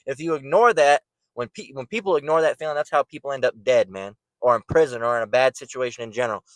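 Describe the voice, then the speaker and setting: A man's voice: mid-range voice, quick pace, no room sound. A man giving an informal, blunt preaching rant, profane and repeating words as he gets worked up. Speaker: online preacher.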